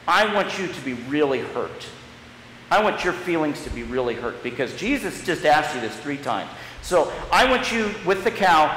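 A man's voice: a little high, pushed and bright, a little hiss or hum. A man serving as pastor, leading a children's message in a church sanctuary, guiding the kids through a story in a stop-start, playful way. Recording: echoey church hall, live stream.

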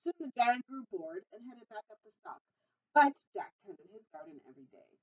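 A woman's voice: a little high, expressive, normal speed, recorded from a distance, highs cut off. A woman librarian reading a picture book aloud at storytime, adding chatty asides to the children.

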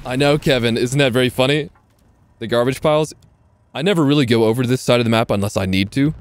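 A man's voice: medium pitch, fast, a little hiss or hum. A man with a Californian accent giving casual, joking commentary on a live game stream, laughing often.

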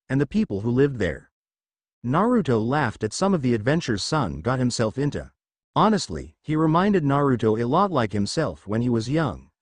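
A man narrating a fan fiction story in a steady storytelling manner. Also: mid-range voice, dry recording. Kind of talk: fan fiction audiobook reading.

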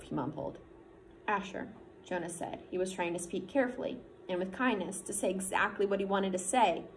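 A woman's voice: fairly low pitch, brisk, slight background noise. A woman teacher reading a novel aloud to her class, voicing the dialogue and stopping to check that students understand.

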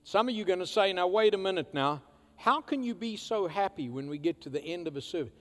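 A male pastor preaching a sermon, swinging from loud emphatic declarations to hushed, quiet asides. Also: high-pitched, animated, fast. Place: church sanctuary. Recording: church hall reverb.

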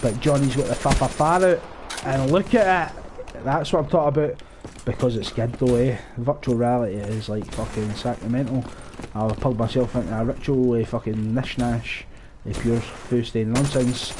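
Speaking at a moderate pace in a steady, medium-pitched voice, this young man streams himself playing a shooter at home through a headset. He swears, jokes sarcastically, and laughs a lot, with noise audible behind him.

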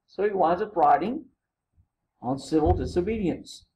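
A man's voice: high-pitched, animated, normal speed, mellow, a little hiss or hum, low-quality recording. A man lecturing a college humanities class, telling stories casually and acting out quotes, with frequent "right?" to the students.

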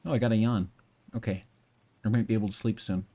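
A man's voice: lowish voice, steady tone, fast talker, mellow. A young man chatting offhand with his viewers while playing a game, drifting from one tangent to the next. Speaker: streamer. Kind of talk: casual live-stream chat while playing a game.

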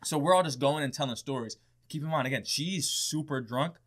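A man's voice: on the high side, brisk, fairly bright tone. A young man, a podcast guest, telling a wild story in casual, profane chat and often laughing.

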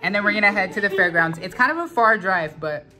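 A woman's voice: mid-range voice, fast, music in the background. A young woman vlogging in a casual, chatty way, with "literally" in every other sentence. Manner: chatty, says "literally" often. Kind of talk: casual vlog chat.

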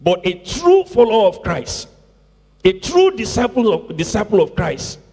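A man's voice: high voice, very animated, moderate pace, a little mellow, husky. A man preaching a sermon as pastor to his congregation, stressing key words and repeating phrases with call-outs to the room. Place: church sanctuary. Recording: long church reverb.

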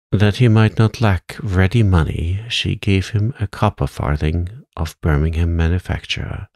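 A man reading a classic story aloud in a calm, soothing, soft-spoken bedtime manner. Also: low-pitched, creaky, no room sound, clean studio sound. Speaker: audiobook narrator.

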